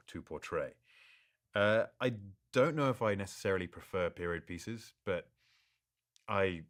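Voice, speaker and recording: A man answering fan questions in a live Q&A, reading each question aloud and replying in a relaxed, good-humored way, often stumbling and restarting. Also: sits low. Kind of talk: live social-media Q&A.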